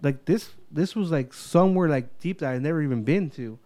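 A man co-hosting a casual podcast, telling a story in an animated, heavily profane way. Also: on the high side, a little fast. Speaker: podcast co-host. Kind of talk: casual chat.

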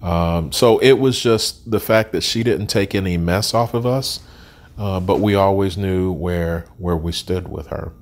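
A man in his sixties telling his life story as an interview guest, candid and plain-spoken with frequent ums and restarts. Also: deep voice. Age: 60s.

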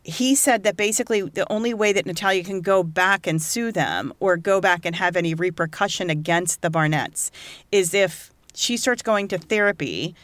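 A woman co-hosting a casual true-crime podcast, telling the story in an animated way, swearing freely and acting out what people said. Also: on the low side, normal speed, no room sound.

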